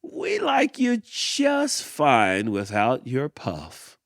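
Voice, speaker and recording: A man voicing a friendly male ram in a rhyming storybook read-aloud, calling out brightly. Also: mid-range voice, wildly swooping pitch, very slow, vocal fry, dry recording, studio quality, heavily acted. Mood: kind.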